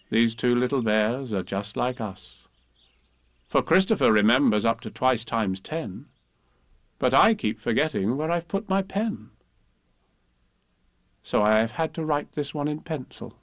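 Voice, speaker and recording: A man reading children's poems and a storybook aloud in a gentle, expressive way. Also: medium pitch, measured pace, long pauses, dry recording. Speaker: reader.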